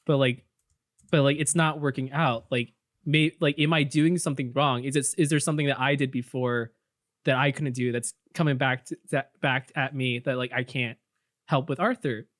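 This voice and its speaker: A man's voice: medium pitch, steady tone, normal speed, a bit bright, no echo, clean studio sound, natural voice. A man voicing an anxious, kind young girl, talking hesitantly with lots of fillers. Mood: worried.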